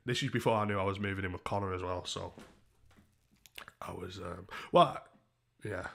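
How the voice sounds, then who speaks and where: A young man in his twenties, telling a story on a stream in a sweary, rambling, animated way. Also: deep voice, normal speed, gravelly, pauses often. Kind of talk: casual storytelling.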